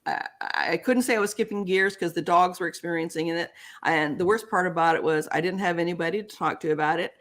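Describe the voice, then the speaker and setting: Older woman telling an animated story. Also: lowish voice, fairly quick. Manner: animated, acts out both sides of remembered dialogue. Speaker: guest. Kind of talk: storytelling in an interview.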